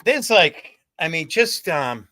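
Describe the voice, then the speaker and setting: A man's voice: on the high side, big pitch swings, slow, crowd noise, rough recording. A man hosting a livestream, chatting casually in a rambling, profane way. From New England. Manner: rambling, profane, swears freely. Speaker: livestream host. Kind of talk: casual chat.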